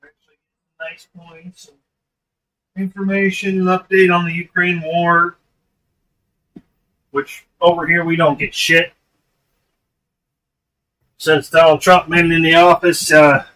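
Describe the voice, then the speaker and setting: Slow, bright-voiced man streaming. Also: fairly high pitch. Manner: blunt, swears freely, laughs often. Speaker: livestream host. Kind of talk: casual livestream chat. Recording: voice distant from the mic.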